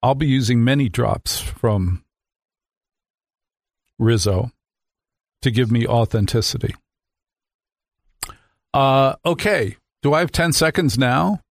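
A man's voice: medium pitch, takes it slowly, pauses often, no echo. A man hosting a nightly radio talk show, talking into a studio microphone with sarcastic, mock-outraged asides.

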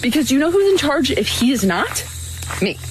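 A woman's voice: sits high, very animated, normal speed, noisy background. A woman talking emphatically to camera in a matter-of-fact manner. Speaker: video creator. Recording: music playing behind.

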